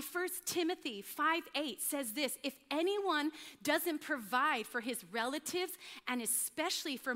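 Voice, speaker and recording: Woman pastor, middle-aged, lively self-mocking sermon, crisp bright tone, reverberant hall. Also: high voice. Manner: animated, self-mocking storytelling.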